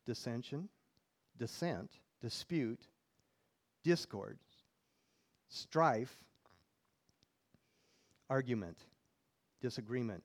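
A man's voice: mid-range voice, darkish tone. A male pastor preaching a sermon in church, reading scripture aloud and putting questions to the congregation.

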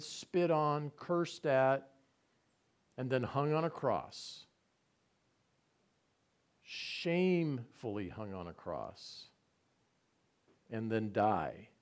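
A man giving a conversational Bible teaching, relaxed and asking his listeners rhetorical questions. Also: a little high.

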